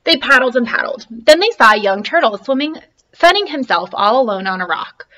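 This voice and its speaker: A woman teacher reading a storybook aloud to her class, animated and encouraging. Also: fairly high pitch, fairly quick.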